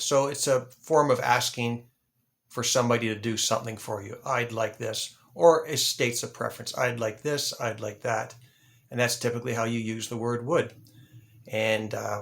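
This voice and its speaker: Male ESL teacher, channel host; mid-pitched, patient, deliberate delivery with repeated examples. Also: vocal fry, a bit bright. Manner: repeats example phrases slowly and spells out words. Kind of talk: slow, deliberate English lesson.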